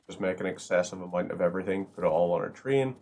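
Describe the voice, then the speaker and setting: A man's voice: low-pitched, fast, a little mellow. A man hosting a gaming video, chatting casually and rambling through upbeat asides while he plays. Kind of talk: casual gameplay commentary.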